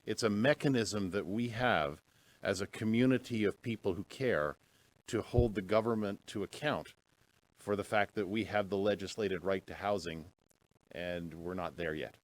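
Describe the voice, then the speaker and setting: A man's voice: lowish voice, moderate pace. A man speaking earnestly to a conference audience in a conference room.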